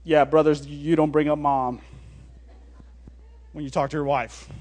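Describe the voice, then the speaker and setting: A man preaching a sermon as a pastor, telling a story with animated rises and quiet, low drops on key words. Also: measured pace, pauses often.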